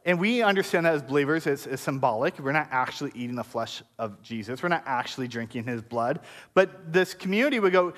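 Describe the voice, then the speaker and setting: A man's voice: mid-range voice, animated, brisk, fairly bright tone. A man preaching a sermon to his congregation in a conversational, joking style with playful asides. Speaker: pastor. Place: church service before a congregation.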